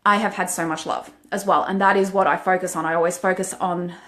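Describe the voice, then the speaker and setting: A woman's voice: fairly low pitch, fairly even intonation, a little fast, a bit bright. Frank woman, heartfelt live stream. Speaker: life coach. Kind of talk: live-stream motivational monologue.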